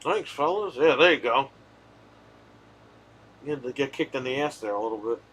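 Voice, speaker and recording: A man chatting casually on a live stream, telling a profane, animated story. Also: medium pitch, moderate pace, breathy edge.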